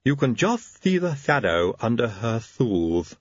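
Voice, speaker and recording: A dour male servant with a lisp, put on by a male narrator, answering with dry, gloomy deference. The voice is husky, and the storybook recording sounds dull and lo-fi. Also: fairly low pitch, animated, measured pace, no room sound. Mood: dour, deferential.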